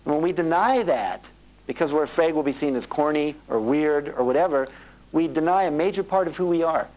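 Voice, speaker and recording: A middle-aged man leads a motivational seminar on an old cassette tape. His voice sits a little high, and he tells his stories with lively energy, slipping into the voices of the people in them. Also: fairly quick, poor audio. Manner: animated storytelling, acting out quoted voices. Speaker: seminar speaker. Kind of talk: motivational seminar talk to a live audience.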